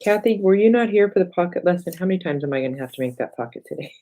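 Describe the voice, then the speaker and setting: A woman's voice: on the low side, expressive, racing, warm tone, low-quality recording. A middle-aged woman hosting a casual crafting livestream at her home craft table. She chats with viewers by name, thinks aloud and talks to herself as she works.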